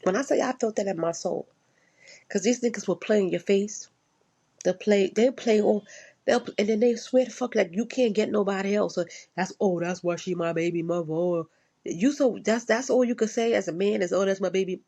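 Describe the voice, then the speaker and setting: Woman, husky voice, casual profane rant, blunt and repetitive. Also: medium pitch, normal speed, mellow. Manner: blunt and profane, repeats herself for emphasis.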